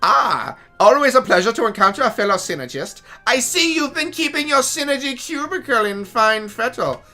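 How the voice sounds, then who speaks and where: A stuffy male alchemist of a fantasy game speaks in a thick German accent, put on by a gamer reading the dialogue aloud. He lectures in formal, self-important phrases, and his voice is bright and lively, rising and falling widely. Faint music plays underneath. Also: medium pitch, moderate pace, pitched above the performer's own voice. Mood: pompous.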